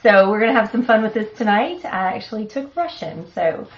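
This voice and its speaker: A woman's voice: mid-range voice, animated, fairly quick, a little hiss or hum. A middle-aged woman hosting a live stream, cheerfully reading a picture book aloud and chatting with a chuckle. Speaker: host reading a children's book. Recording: dull, muffled sound.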